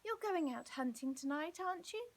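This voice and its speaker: A woman voicing a sweet-voiced young fairy in a children's story, coaxing and gentle. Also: very high-pitched, lively intonation, moderate pace, voice pushed up.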